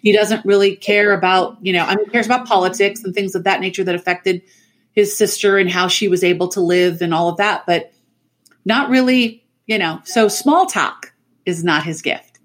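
A middle-aged woman, a podcast guest, telling family stories in casual chat over a remote call, animated and laughing often. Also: medium pitch, normal speed. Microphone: remote call mic.

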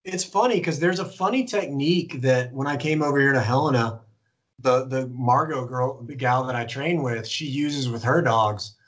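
A man as a podcast guest, a dog trainer explaining his methods in relaxed, casual conversation. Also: medium pitch, moderate pace.

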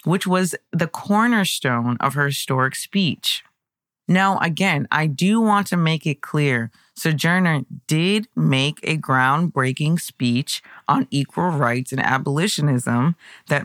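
A podcast host narrating history in a conversational way, breaking into excited personal asides. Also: mid-range voice, no echo, clean studio sound.

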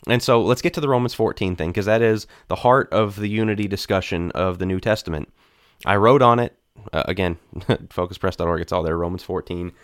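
Guy breaking down bible verses on a church podcast, kinda low voice, restarts a lot, dead dry sound. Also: fairly quick, clean tone, dry recording. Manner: earnest, frequent restarts, speeds up when explaining. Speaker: preacher on a church discussion panel. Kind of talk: conversational Bible discussion.

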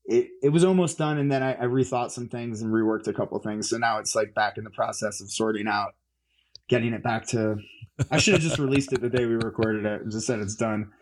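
A man's voice: on the low side, a little fast. A musician, a man, chatting as an interview guest, rambling with lots of fillers and restarts. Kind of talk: casual interview chat.

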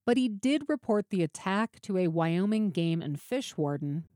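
A woman's voice: mid-range voice, expressive, moderate pace, warm tone, no echo, clean studio sound. A woman hosting and narrating a true story and putting questions to her guest. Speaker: podcast host and narrator. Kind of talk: scripted narration with interview questions.

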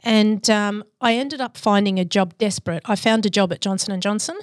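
A woman's voice: mid-range voice, dry recording, clean studio sound. Candid woman telling her story. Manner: candid, reflective, measured. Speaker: guest. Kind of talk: podcast interview storytelling.

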